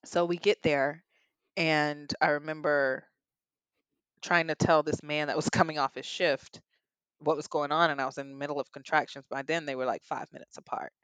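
A woman's voice: deep voice, steady tone, normal speed, fairly bright tone, smooth, no room sound, poor audio. A young adult woman, a podcast guest, candidly and earnestly telling a personal story in an interview.

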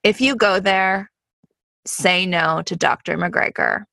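A woman's voice: fairly low pitch, slow, gravelly, pushed and bright, no echo. A young woman co-hosting a podcast, telling stories in a casual chat, peppered with "like". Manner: chatty storytelling, peppered with "like". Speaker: podcast co-host.

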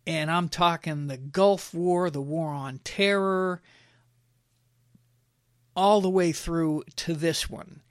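A man's voice: on the high side, slow, pauses often, no room sound, clean studio sound. A male podcast host giving blunt opinion commentary in a conversational monologue, with frequent fillers.

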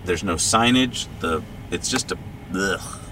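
Lower-voiced man reacting as a passenger. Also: a little slow, a little hiss or hum. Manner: expressive, stressed, groaning reactions. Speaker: passenger and co-host. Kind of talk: casual in-car commentary. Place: inside a moving car.

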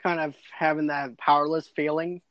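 A man co-hosts a relaxed chat about a TV series, talking freely and laughing often. His voice sits a bit high. The sound is dry and dull, as from a lo-fi mic. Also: normal speed, dry recording. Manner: chatty, laughs often, repeats words. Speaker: podcast co-host. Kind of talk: casual TV recap chat.

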